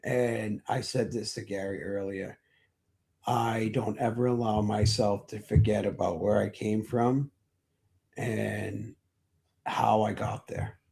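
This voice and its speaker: Slow, reflective man telling his story. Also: fairly low pitch, level tone, creaky, a little mellow. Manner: slow, reflective, hesitant with fillers. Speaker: guest. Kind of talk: interview storytelling.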